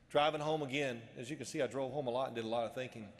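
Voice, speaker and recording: A man's voice: a little high, racing, hardly any pauses. Man telling stories in a reverberant hall. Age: 50s. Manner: animated, acts out quoted dialogue. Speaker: after-dinner speaker. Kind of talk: storytelling speech. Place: banquet hall.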